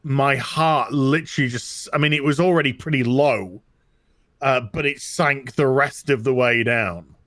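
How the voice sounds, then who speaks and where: Animated British man, dry close sound. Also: medium pitch, measured pace, no room sound. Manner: animated storytelling, swearing, mock accents. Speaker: co-host. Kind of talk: casual chat.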